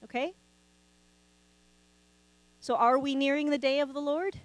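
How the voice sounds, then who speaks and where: A woman's voice: high-pitched, steady tone, unhurried, dry recording, rough recording. A woman preaching a sermon, talking conversationally and asking the congregation rhetorical questions. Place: church sanctuary.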